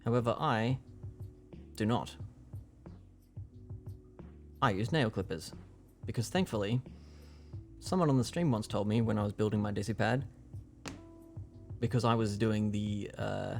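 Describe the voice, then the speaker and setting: Gravelly guy explaining on stream. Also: lowish voice, a little slow, pauses often, darkish tone, soft background music. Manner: rambling, explanatory, many fillers and restarts. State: hiccuping. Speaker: streamer building a keyboard. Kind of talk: casual livestream tutorial.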